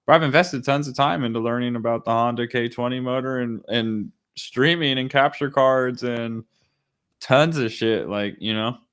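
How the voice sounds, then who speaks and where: A young man hosting a podcast, telling stories in a rambling, profane, animated way. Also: medium pitch, moderate pace, clean tone. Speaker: podcast host. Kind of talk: casual chat.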